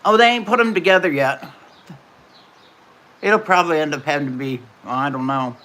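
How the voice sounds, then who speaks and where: A woman's voice: low-pitched, moderate pace, fairly bright tone. A middle-aged woman, chatting casually and telling folksy stories while hosting a livestream. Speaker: livestream host.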